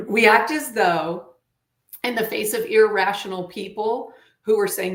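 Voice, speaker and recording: A woman's voice: medium pitch, takes it slowly, roomy sound. A woman chatting on a talk show in an earnest, preachy way, quoting scripture. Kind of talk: casual talk-show chat.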